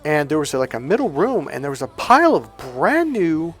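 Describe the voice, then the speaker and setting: A man's voice: on the high side, fairly quick, soft background music. A middle-aged man, a life coach, telling a personal story in casual, chatty monologue and acting out the dialogue. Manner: chatty, retells dialogue with lively shifts, swears casually.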